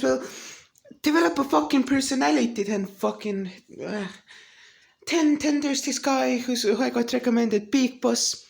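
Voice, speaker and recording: High-voiced woman ranting. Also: creaky. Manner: profane, rambling, heated, lots of restarts. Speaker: vlogger. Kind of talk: casual rant to camera.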